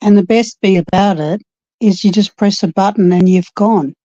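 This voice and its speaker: A woman's voice: mid-range voice, normal speed, dark tone, no room sound. A woman chatting earnestly and reflectively with friends on a late-night stream. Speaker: chat regular. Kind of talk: casual chat. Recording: muffled lo-fi audio.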